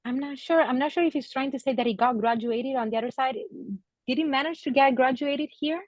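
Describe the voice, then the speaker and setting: A woman giving a psychic reading to an audience member, speaking gently and hesitantly with many pauses and fillers, and getting emotional. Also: high voice, no room sound. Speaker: psychic medium.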